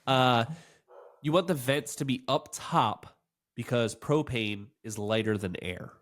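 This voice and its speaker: A man's voice: mid-range voice, measured pace, fairly bright tone. A man co-hosting a podcast in casual chat, sounding nasal and congested from a cold, joking and quizzing his co-host. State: congested, sick voice.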